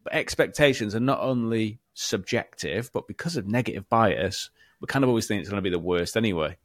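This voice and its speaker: A man co-hosting a podcast, explaining points in a measured, casual way. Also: lowish voice, dry recording, clean studio sound. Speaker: podcast co-host. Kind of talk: casual sales podcast chat.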